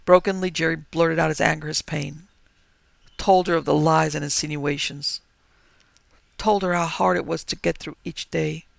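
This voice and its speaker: Brief: male horror narrator, gravelly, slow and dramatic, dry close sound. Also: on the high side, fairly even intonation, no echo. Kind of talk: dramatic horror story reading.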